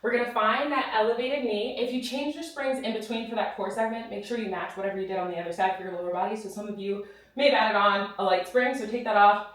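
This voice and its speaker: Her speech quick and fairly even in pitch, a mid-range-voiced Pilates instructor cues a follow-along class while out of breath. She counts reps and offers encouragement in a reformer studio, recorded from afar with an echoey room sound.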